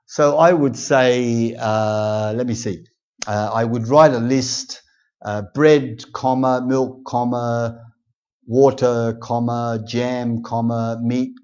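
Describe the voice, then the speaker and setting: A male English teacher explains grammar slowly and deliberately, pausing often and filling gaps with little hesitations. His voice sits at an ordinary pitch. The recording sounds slightly dull and lo-fi. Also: a little mellow. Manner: slow, deliberate, with many pauses and fillers. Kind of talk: casual spoken lesson.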